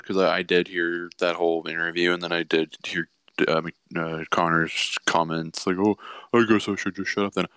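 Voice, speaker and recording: A man in casual sports chat, ranting and mocking with quick animated bursts. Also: sits low, clean tone, no echo.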